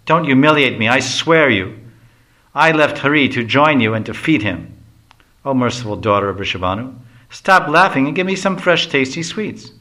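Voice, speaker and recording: A man's voice: mid-range voice, lively intonation, unhurried, sharp tone. A man voicing a boastful, hungry young male Brahmin jester who whines and pleads indignantly.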